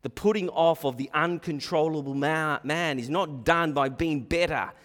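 A man's voice: a little high, normal speed. Middle-aged guy preaching, chatty then punchy, long echo off the church walls. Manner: conversational preaching, swinging from quiet to emphatic. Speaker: pastor. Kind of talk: sermon. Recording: long hall reverb.

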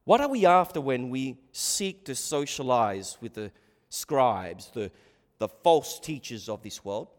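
A man's voice: medium pitch, expressive, unhurried. A man preaching a sermon in an emphatic way, repeating and restarting words as he presses his point. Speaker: pastor. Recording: long hall reverb.

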